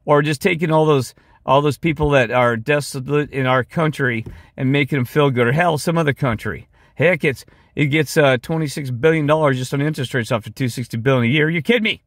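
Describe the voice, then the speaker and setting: A weary man rambles through a heartfelt monologue, drifting between topics. His voice sits at a middle pitch and is recorded close on a dry mic, with no room sound around it. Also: brisk, no echo. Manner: rambling, impassioned, goes off track. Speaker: video creator. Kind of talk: rambling monologue with screen share.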